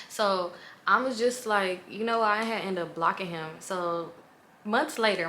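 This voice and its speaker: Bright-voiced young woman telling a storytime. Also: fairly low pitch, a little fast, slight background noise. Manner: blunt, profane, animated retelling with frequent "like". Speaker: vlogger. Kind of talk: casual storytime.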